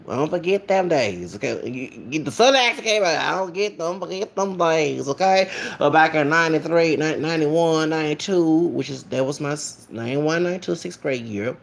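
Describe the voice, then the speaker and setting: A man talks in a casual, rambling vlog monologue. He repeats himself and keeps checking in with "okay?". His voice is gravelly and sits a little high. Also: fairly quick. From Texas. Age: late 30s.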